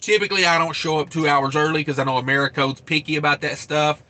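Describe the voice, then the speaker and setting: Male livestream host, trucker, loose rambling chat, bright slightly high voice. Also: steady tone, fast talker. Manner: rambling, thinks aloud, reads viewer names.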